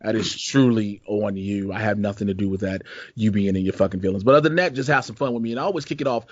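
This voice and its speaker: A man's voice: on the low side, steady tone, racing, slightly rough, no room sound. A man from Chicago hosting a casual podcast, rambling in a laid-back, profane way with plenty of slang. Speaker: podcast host. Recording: dull lo-fi dry sound.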